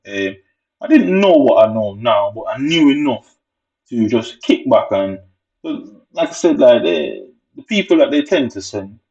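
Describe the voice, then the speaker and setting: A man's voice: medium pitch, very animated, a little slow, a little mellow. A man in a casual vlog monologue, rambling and agitated and swearing often. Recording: dull lo-fi recording.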